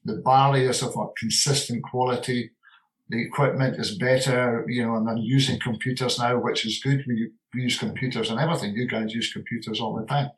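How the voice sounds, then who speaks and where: Older whisky man, mid-pitched, loose and heartfelt interview talk. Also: steady tone, brisk, poor audio. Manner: warm, rambling, repeats words for emphasis. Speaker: retiring distillery manager and whisky blender. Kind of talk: relaxed interview conversation.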